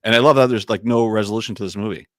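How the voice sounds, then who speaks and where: A man co-hosting a podcast in casual chat, quick and sweary. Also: fairly low pitch, fairly even intonation, no room sound, clean studio sound. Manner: quick, sweary, laughs along. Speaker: podcast co-host.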